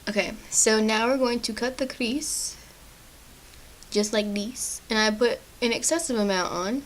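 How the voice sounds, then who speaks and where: A woman's voice: a little high, measured pace, slight background noise, low-quality recording. A young woman chatting casually through a makeup tutorial at home, apologetic and self-deprecating. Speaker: beauty vlogger.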